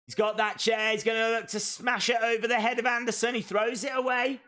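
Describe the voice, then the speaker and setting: A man hosting a live wrestling watch-along, calling the action and breaking into excited shouts. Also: extremely high pitch, brisk. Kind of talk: live wrestling reaction commentary.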